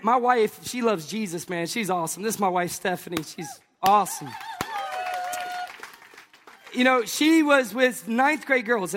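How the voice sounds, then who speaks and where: A pastor from Tennessee, telling an animated, jokey story to his congregation in a sermon. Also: high-pitched, big-room sound. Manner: animated, jokey, talks to the crowd.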